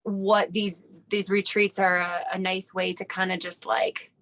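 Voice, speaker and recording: A woman's voice: medium pitch, flat delivery, a little slow, fairly bright tone, slight background noise. A woman hosting a podcast in casual conversation, reflective and fond of rhetorical questions. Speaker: podcast host.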